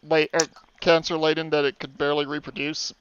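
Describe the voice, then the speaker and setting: A man's voice: a little high, little pitch movement, brisk, a bit bright, lo-fi sound, a little hiss or hum. A man on a casual online call who throws in wisecracks. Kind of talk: casual crude banter.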